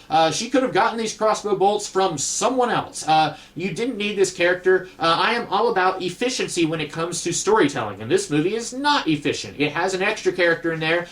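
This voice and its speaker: A man giving a casual spoken movie review, wry and dismissive, with frequent "uh" fillers. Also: a little high.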